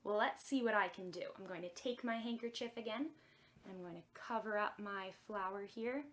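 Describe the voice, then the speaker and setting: A young woman leading a children's music and magic lesson in a gentle, encouraging way that is exaggerated for kids. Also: fairly high pitch, moderate pace.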